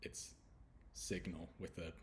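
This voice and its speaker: A man from Houston, teaching letter sounds in a relaxed lesson and slowly repeating each sound. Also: low voice, slight background noise. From Houston, Texas. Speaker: English pronunciation teacher. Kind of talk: casual spoken lesson.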